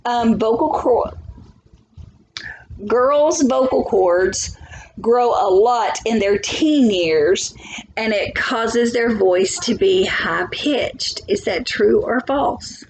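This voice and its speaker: A woman's voice: on the high side, slow pace, slight background noise, poor audio. A woman teacher giving a biology lesson from home, chatty, thinking aloud and asking for agreement.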